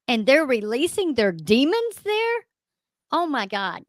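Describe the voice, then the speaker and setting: A middle-aged woman, a ghost hunter guest telling an emphatic, animated story in a radio interview. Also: high voice, takes it slowly, no room sound.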